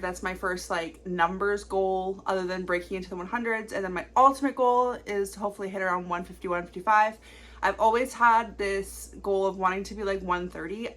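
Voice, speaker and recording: A young woman in her twenties talking casually to camera in a confessional vlog, rambling quickly with lots of fillers. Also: mid-range voice, fairly even intonation, fairly bright tone. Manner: chatty, rambling, fast-talking with many fillers. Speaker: vlogger.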